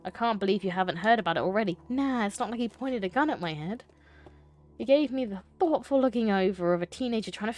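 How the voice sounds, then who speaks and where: A woman streamer reading a choose-your-path story game aloud, breaking off to swear and joke between lines. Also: lowish voice.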